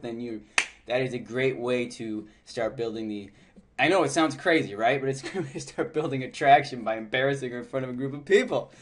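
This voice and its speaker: Brief: male dating coach, casual instructional chat, mid-range voice, laughs a lot, rambling fillers. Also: mid-range voice. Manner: chatty and loose, often laughing, heavy with "like" and "you know".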